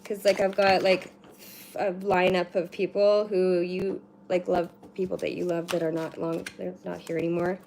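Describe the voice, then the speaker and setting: A woman's voice: fairly low pitch, little pitch movement, normal speed, creaky, darkish tone. Chatty woman giving a card reading. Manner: chatty, rambling, swears casually, many "like" fillers. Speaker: card reader. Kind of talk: casual livestream card reading. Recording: noisy with card shuffling and clicks. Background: shuffling cards and clicks.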